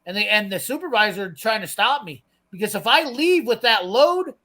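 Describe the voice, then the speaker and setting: Brash high-voiced swearing storyteller. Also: male voice, animated, moderate pace, sharp tone. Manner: brash, swearing, acts out quoted lines. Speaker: storyteller on a live garage show. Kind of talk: casual profane storytelling.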